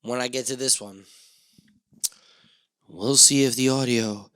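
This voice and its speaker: A man hosting a solo podcast, rambling and swearing through self-mocking rants with sudden loud outbursts into a studio mic. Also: medium pitch, fairly even intonation, measured pace, clear, resonant tone, no room sound. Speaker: podcast host.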